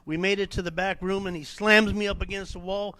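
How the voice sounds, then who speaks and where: A man giving an animated personal testimony at a church men's meeting, with many fillers and restarts. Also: high voice, brisk, dry recording. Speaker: testimony speaker.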